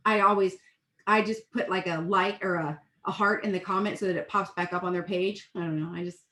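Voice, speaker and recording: A woman's voice: medium pitch, fairly bright tone, reverberant. A woman giving a rambling, chatty and encouraging talk as a sales team leader. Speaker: network marketing team leader. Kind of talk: casual live video pep talk.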